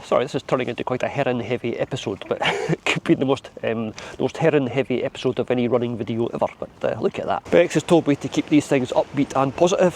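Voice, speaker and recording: A man's voice: mid-range voice, a little mellow. A chatty, wry man from Edinburgh with a Scottish accent, filming a casual vlog outdoors in a city park. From Edinburgh, Scotland. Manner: chatty, wry, self-deprecating. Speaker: running vlogger. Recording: outdoor crowd noise behind. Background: crowd of runners.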